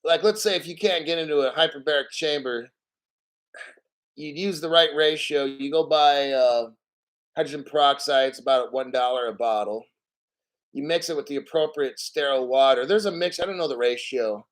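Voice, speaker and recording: A man hosting a casual livestream, reading out donations and ranting bluntly with lots of swearing and frequent throat clearing. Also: a little high, moderate pace. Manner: blunt, profane, combative. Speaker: crypto livestream host.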